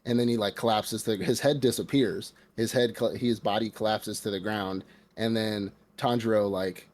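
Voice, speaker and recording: An American man with a fairly low voice recaps a movie on a casual podcast. He talks animatedly, fills his sentences with "like," and jumps into quoted lines of the characters as he goes. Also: normal speed. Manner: animated retelling with acted quotes, heavy filler "like". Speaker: podcast co-host. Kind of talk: casual podcast review chat.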